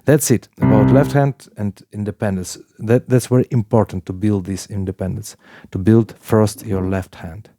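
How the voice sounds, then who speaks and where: A man teaching a piano lesson in plain talk, with halting phrasing, counting beats aloud while he plays. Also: on the low side, fairly even intonation, no room sound. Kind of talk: casual piano tutorial. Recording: piano playing loudly alongside.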